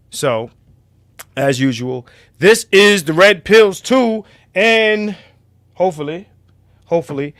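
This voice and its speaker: A man hosting a casual livestream, loud and profane, now and then dropping to a low mutter. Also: no echo, clean studio sound. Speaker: livestream host.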